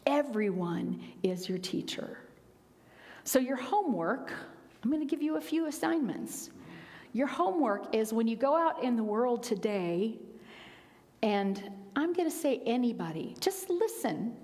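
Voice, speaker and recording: A woman minister giving a sermon, telling stories in a conversational way with quiet, emphatic asides. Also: fairly high pitch, sing-song, measured pace, big-room sound. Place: church sanctuary.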